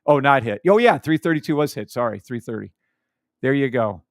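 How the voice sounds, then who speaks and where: A man's voice: medium pitch, lively intonation, a little fast, dry recording, clean studio sound. A man hosting a live trading stream, explaining charts in a hyped, teasing chat with his viewers and humming along.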